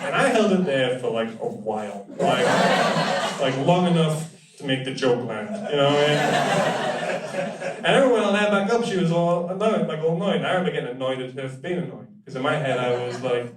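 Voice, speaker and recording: A young man doing a stand-up comedy set on a club stage, chatty and crude with deadpan punchlines and quick audience banter. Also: fairly high pitch, far from the mic, heavy background noise. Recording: roomy club sound with loud audience laughter. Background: audience laughing and cheering.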